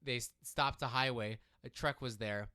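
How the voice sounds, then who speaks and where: A man co-hosting a casual political chat podcast, talking in an animated way and restarting his sentences often. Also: mid-range voice, normal speed. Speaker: podcast co-host.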